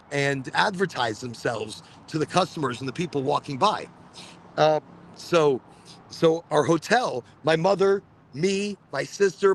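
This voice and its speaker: A man's voice: on the high side, gravelly. A man hosting a live cannabis podcast, chatting casually and rambling, often repeating words as he tells stories. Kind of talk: casual livestream chat. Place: Florida.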